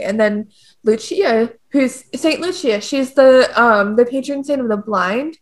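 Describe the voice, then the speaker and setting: A woman's voice: fairly high pitch, a little slow. A young woman co-hosting, casually explaining a classic poem in a slangy, joking way. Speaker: co-host.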